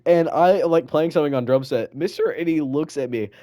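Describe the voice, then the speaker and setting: A man's voice: fairly high pitch, a little fast, warm tone. A teenage boy co-hosting a student podcast, telling rambling stories in casual chat full of "like" and swearing. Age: teens.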